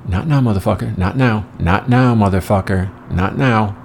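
Brief: man putting on a young car thief, impatient mutter, deep gravelly voice. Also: moderate pace, a little hiss or hum.

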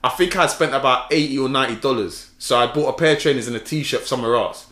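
A man telling a story in casual chat, slangy and animated, acting out the dialogue. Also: mid-range voice, fast. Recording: echoey room.

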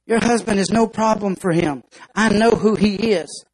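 A male pastor preaches with emphasis and breaks into acted-out scenes. His voice sits high, with a husky edge. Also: normal speed, low-quality recording. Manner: emphatic preaching, acts out stories. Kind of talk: sermon.

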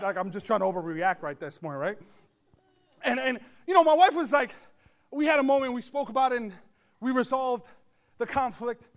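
A man pastor delivering a humorous storytelling sermon to his congregation, animated with joking asides and bursts of shouting. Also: extremely high pitch, a little fast. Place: church service before a congregation.

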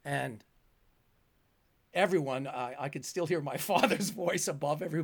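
Older guy as a rambling, chuckling guest storyteller; slightly high voice, dry close sound. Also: fairly even intonation, moderate pace, vocal fry, no room sound. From Canada. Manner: rambling, chuckling, full of fillers. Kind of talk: storytelling in a conversation.

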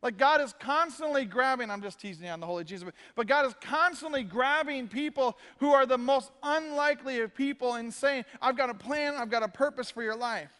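A man preaching as a pastor in a church, casual and joking, slipping into quick quoted asides. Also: very high voice, bright, forceful tone, big-room sound. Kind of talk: casual sermon. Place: church sanctuary.

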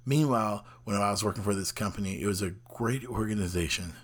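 Low-voiced man musing casually. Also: a little fast, slightly rough. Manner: conversational, rambling, acts out quotes. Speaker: host. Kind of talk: casual motivational talk.

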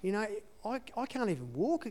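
A man's voice: sits high, huge pitch swings, fairly quick, darkish tone. A man giving a conversational sermon testimony in an earnest way, repeating his key phrases. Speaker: church speaker sharing testimony.

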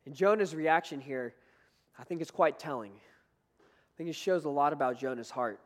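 A fairly high-voiced man delivers a sermon, earnest and conversational, pressing harder on his key points. His voice rings with the long reverb of a large church hall. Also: moderate pace. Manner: earnest, conversational preaching with rising emphasis. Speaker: preacher.

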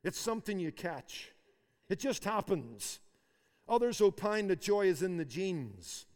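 A man's voice: sits high, sing-song, measured pace, darkish tone, long reverb tail. A man preaching a sermon, emphatic, repeating phrases for force. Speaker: pastor.

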